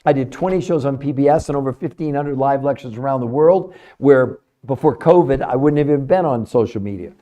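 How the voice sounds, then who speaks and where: Speaking briskly with few pauses, this middle-aged nutrition researcher runs a live stream and addresses his chat in a forceful, sales-like manner, restating his points for emphasis. His medium-pitched voice sounds mellow, and the audio is dull.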